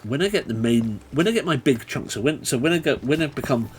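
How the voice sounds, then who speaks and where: A man talks his way through a live game stream, chatty and loose, with a pitch that swings widely as he breaks into excited taunting yells. A faint hiss sits under his voice. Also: quick pace. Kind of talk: live gaming stream commentary.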